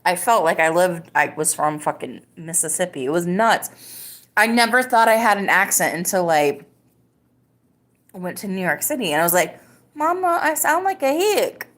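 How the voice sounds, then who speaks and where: A woman's voice: on the low side, lively intonation, moderate pace, a bit bright. A woman hosting a live podcast, chatting casually and rambling with lots of "like"s. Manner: rambling, filler-heavy talk with many "like"s. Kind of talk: casual live-stream chat.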